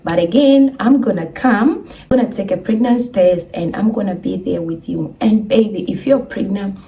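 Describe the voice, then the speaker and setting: A woman's voice: mid-range voice, moderate pace, gravelly, far from the mic. A young woman telling a personal story in a casual vlog, acting out the voices of the people in it. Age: young adult. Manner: animated, acts out quoted voices.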